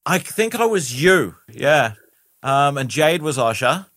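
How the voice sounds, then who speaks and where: A man's voice: a little high, sing-song, slow, a bit bright, no room sound, studio quality. A man, a guest in a casual interview who rambles and restarts his sentences, often adding "you know".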